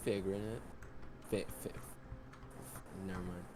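A man from Brazil chatting casually while gaming with a friend, teasing in a deadpan way. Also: low voice, unhurried, over music. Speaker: gamer playing with a friend.

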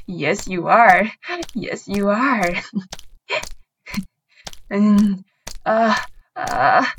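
A woman voicing a dominant, teasing adult partner in an intimate audio role-play, speaking in a commanding way with breathy moans. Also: a little high, a little hiss or hum.

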